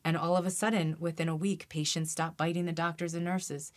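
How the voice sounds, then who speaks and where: A woman with a low voice speaks as a podcast guest about energy healing. She talks earnestly and with energy, repeats herself, and softens to a hushed tone when she recites prayers. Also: little pitch movement, a little fast. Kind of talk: conversational interview.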